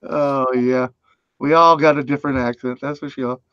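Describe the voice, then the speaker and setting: A man hosting a stream in casual chat, halting and easygoing, laughing often. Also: mid-range voice, steady tone, pushed and bright, clean tone, no room sound. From New England, US. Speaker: live stream host. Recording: dull, lo-fi stream audio.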